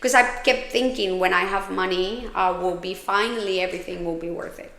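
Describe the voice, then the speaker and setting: A woman's voice: medium pitch, steady tone, fairly quick, creaky, fairly bright tone. A woman hosting a personal storytelling podcast, talking candidly in a rambling way with lots of fillers and swearing. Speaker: podcast host. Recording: roomy echo.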